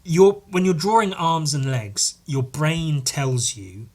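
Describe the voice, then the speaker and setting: A young British man chats through a solo podcast in a rambling, off-the-cuff way. He turns sarcastic and swears freely, and he jumps into high silly voices for his jokes. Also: slow, darkish tone. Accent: British English. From Britain. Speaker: podcast host. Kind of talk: casual solo podcast chat.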